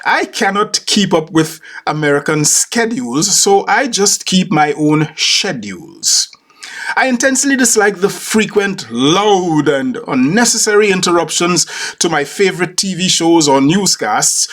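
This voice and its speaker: A man's voice: fairly high pitch, sing-song, a little slow, fairly bright tone. A man hosting a podcast, delivering a humorous scripted monologue with formal, precise diction. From Caribbean. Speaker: podcast host.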